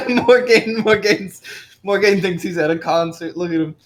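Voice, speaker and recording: A tabletop player making quick joking remarks. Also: medium pitch, a bit bright. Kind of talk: casual tabletop play.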